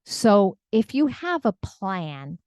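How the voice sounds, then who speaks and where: A woman's voice: mid-range voice, very animated, takes it slowly, a little mellow, no room sound, studio quality. A middle-aged woman coach giving a teaching talk in an earnest, conversational way, often checking in with "right?". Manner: earnest, conversational, tag questions. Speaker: real estate coach.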